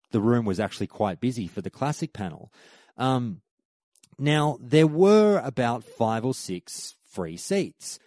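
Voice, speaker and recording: A man's voice: on the low side, dark tone, no echo. An Australian man hosting a podcast, telling a rambling, conversational story with frequent restarts. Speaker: podcast host. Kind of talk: casual storytelling recap.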